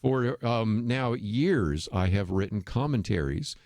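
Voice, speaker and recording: A man with a low voice hosts a talk radio show, talking straight to listeners in an earnest, persuasive way. He often pauses on fillers and restarts his sentences. The sound is close and dry, with no room around it. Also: lively intonation, darkish tone, no echo. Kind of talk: radio commentary monologue.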